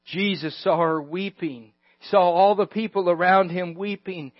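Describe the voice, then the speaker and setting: A man preaching a sermon, moving from hushed words to loud emphasis and chuckling now and then. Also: sits high, steady tone, moderate pace, no room sound. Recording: dull lo-fi recording.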